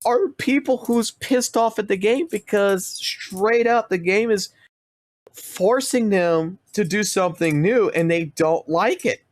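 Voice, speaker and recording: A man's voice: high voice, slow pace, no echo. A man streaming games, ranting heatedly in casual commentary and swearing constantly. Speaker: gaming streamer.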